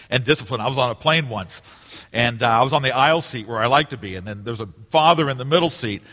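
A middle-aged male pastor preaching a sermon, earnest, moving between loud emphasis and hushed, quiet passages. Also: mid-range voice. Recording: long reverb of a large hall.

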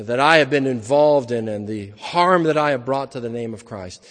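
A man's voice: fairly high pitch, a bit bright, big-room sound. A man preaching an evening sermon in an earnest, emphatic manner, building his points through repeated phrases.

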